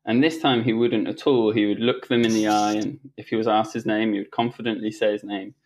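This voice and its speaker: A man's voice: lowish voice, little pitch movement, fairly quick, a little mellow, a little hiss or hum. A middle-aged man, a guest on a talk show, telling a personal story in a loose, conversational way with many restarts and fillers. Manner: rambling, frequent restarts and fillers, laughs while telling stories. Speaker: interview guest.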